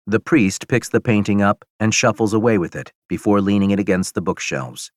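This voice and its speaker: A male audiobook narrator with a very low, deep voice tells a first-person story at a steady, measured pace. The recording is close and very dry, with no room sound behind it. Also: no echo.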